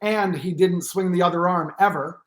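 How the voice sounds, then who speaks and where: A man with a notably high speaking voice, from Pennsylvania, telling a lively anecdote as a podcast guest. He jokes and acts out both sides of the exchange. The voice is the main thing you hear. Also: moderate pace. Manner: animated anecdotes, acting out dialogue, joking. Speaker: guest posture therapist. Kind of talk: storytelling in a podcast interview.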